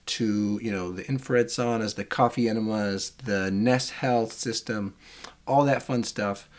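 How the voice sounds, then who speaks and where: A man hosting a casual podcast interview, talking in a relaxed way with fillers. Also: mid-range voice. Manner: warm-hearted thanks, relaxed, fillers. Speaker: podcast host.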